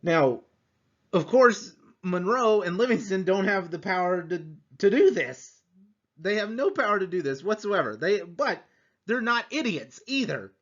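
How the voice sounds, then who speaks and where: Brief: lively male history teacher, somewhat high voice, slightly muffled recording. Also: a little slow. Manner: animated, acts out quotes, rhetorical asides. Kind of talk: conversational history lecture.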